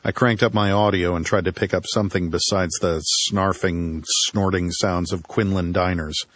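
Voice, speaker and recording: A man's voice: deep voice, steady tone, moderate pace, a bit bright, no echo. A man narrating a first-person audiobook with dry, wry storytelling.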